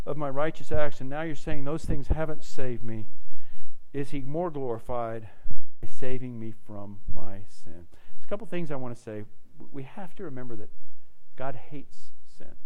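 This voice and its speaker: A man's voice: medium pitch, a little mellow, low-quality recording. A man preaching a sermon as pastor, in a conversational way that keeps checking in with "right?" and repeats words as he starts a thought.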